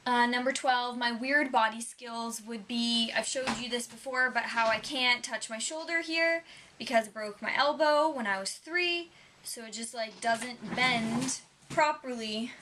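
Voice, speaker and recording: A woman's voice: a little high, measured pace, background noise. A young woman chatting casually to her camera at home, rambling with lots of "um" and "like". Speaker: vlogger.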